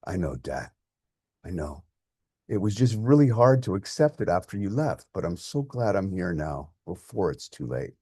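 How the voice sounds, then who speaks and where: A man's voice: low voice, big pitch swings, moderate pace, dark tone, slightly rough, dry recording, clean studio sound, heavily acted. A man voicing a grown son, raw and emotional, who is angry at his father and later tender with him.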